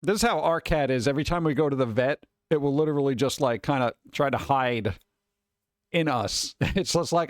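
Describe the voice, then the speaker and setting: A man hosting a live stream, talking casually and chattily with relaxed asides. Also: medium pitch, normal speed, no echo, clean studio sound. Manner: laid-back, chatty, trailing off into asides. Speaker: streamer host.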